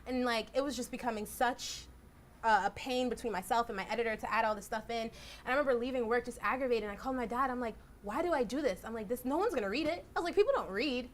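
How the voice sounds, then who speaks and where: Lively young woman telling stories. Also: fairly high pitch, fast, slight background noise. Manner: animated, acts out quotes with "I was like". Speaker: journalist guest speaker. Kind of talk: casual storytelling talk. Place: lecture hall.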